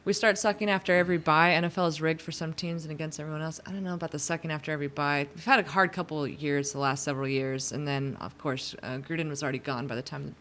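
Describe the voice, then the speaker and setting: A woman co-hosts a casual livestream and reads the chat aloud in a quiet, teasing voice, laughing often. Her voice sits a little low for a woman. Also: fairly even intonation, fast talker, few pauses, slight background noise. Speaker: co-host reading chat.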